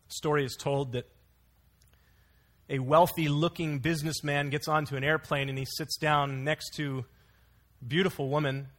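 Man preaching, slightly high voice. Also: a bit bright. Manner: earnest expository preaching with anecdotes. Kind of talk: sermon.

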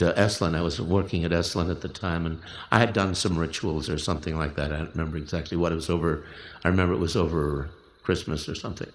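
A man leading a workshop and giving measured, reflective spoken instructions for a recorded exercise, often restarting his phrases. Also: sits low, reverberant. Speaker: workshop leader.

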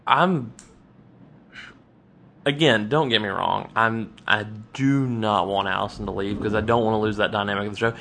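A man co-hosting a podcast in casual chat, ranting with frequent restarts and sudden jumps up in pitch. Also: moderate pace, gravelly. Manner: animated, restarts often, rants with rising pitch. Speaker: podcast co-host.

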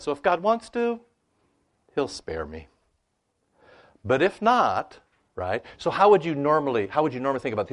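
A man answering questions about scripture in a conversational teaching style, animated and full of "you know" and "right?" asides. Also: mid-range voice, normal speed.

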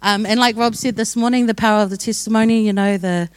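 A woman's voice: medium pitch, fairly even intonation, fast, smooth, dry recording. A young woman sharing her testimony with a church gathering in a casual, joking way, often laughing as she talks. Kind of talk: sermon testimony.

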